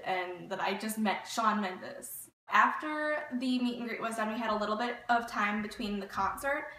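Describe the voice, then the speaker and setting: A woman's voice: mid-range voice, fairly bright tone. A woman vlogger telling a story in a gushing, chatty way, with lots of filler words. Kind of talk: casual storytelling vlog. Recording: echoey room, mic at a distance.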